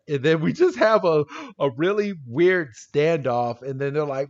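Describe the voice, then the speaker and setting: Guy on a podcast retelling a cartoon ep, kinda high voice, laughs a lot, muffled lo-fi sound. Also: expressive, moderate pace. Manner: laughs often, acts out characters in high silly voices. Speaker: podcast co-host. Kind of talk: casual chat recapping a cartoon episode.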